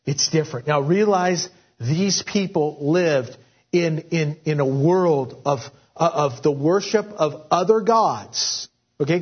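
A man preaching a Bible-teaching sermon, with many fillers and restarts, whose voice rises and grows forceful when he voices God's words. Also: a little high, a little slow, breathy edge. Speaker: pastor. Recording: dull lo-fi audio.

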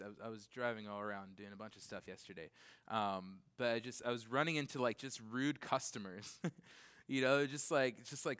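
Bright-voiced chatty male preacher. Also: medium pitch, clean tone. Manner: rambling, full of "like" and "you know"; acts out quick asides in other voices. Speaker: pastor. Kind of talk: conversational sermon. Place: church, in front of a congregation. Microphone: recorded for CD and computer.

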